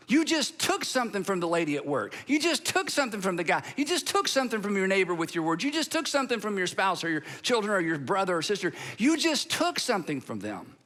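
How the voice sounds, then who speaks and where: A male pastor in his sixties delivering a sermon with emphatic pauses, leading the congregation to repeat phrases aloud. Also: sits high. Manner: animated, emphatic, pauses for effect; leads the congregation in call-and-response practice.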